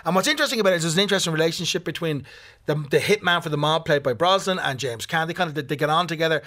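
A man's voice: fairly high pitch, rapid-fire, bright, forceful tone. A man reviewing a film on a radio show, rambling with lots of "kinda" and restarts.

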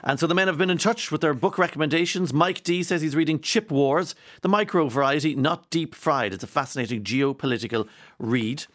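Fast-talking radio host. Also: male voice, a little high, a bit bright. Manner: rapid, rambling, joking asides with frequent restarts. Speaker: radio presenter. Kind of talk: lively morning radio chat.

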